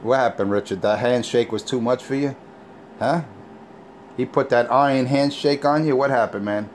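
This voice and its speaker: A man's voice: mid-range voice, moderate pace, slight background noise. Taunting, profane man hosting. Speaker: show host. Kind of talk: casual mocking chat.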